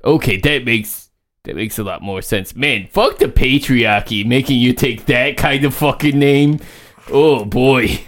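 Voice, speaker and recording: A man's voice: mid-range voice, measured pace. A man playing a tabletop game, cursing freely and mixing his character's lines with casual chat. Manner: swears a lot, mixes in-character lines with chat. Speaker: player. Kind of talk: casual tabletop role-play.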